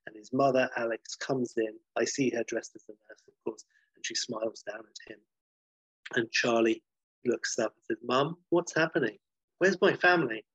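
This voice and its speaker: A man's voice: medium pitch, flat delivery, normal speed, breathy edge, no echo, dull audio. A man casually recounting a story in a rambling, sweary way, with many fillers and restarts.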